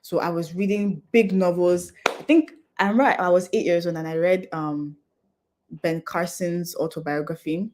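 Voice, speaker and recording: A young woman addresses a conference audience in a slightly low voice. She explains her points patiently and earnestly, like a practical adviser. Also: moderate pace, darkish tone, slight background noise. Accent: non-Nigerian English accent. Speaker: conference speaker. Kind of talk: talk to an audience.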